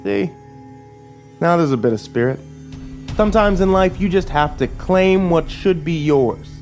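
A man's voice: high-pitched, a little slow, a little mellow, soft background music, pitched above the performer's own voice. A man voicing a sneering, cruel old-West sheriff. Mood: menacing. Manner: sneering, mocking, drawling. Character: cruel sneering middle-aged male sheriff, a villain. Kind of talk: horror story reading.

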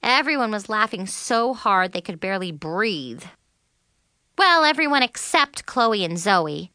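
Animated woman narrating a teen's story. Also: mid-range voice, a little slow, clean tone, dry recording, studio quality. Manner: animated and expressive. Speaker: audiobook narrator. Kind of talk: first-person storybook narration as a teen girl.

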